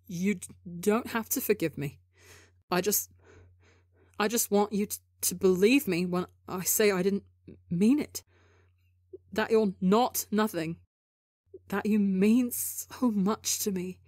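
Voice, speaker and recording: A woman's voice: medium pitch, slow pace, long pauses, darkish tone, dry recording, clean studio sound. A woman reading a desperate, apologetic young man in a story, pleading with stammers and broken restarts. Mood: earnest. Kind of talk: audiobook character reading.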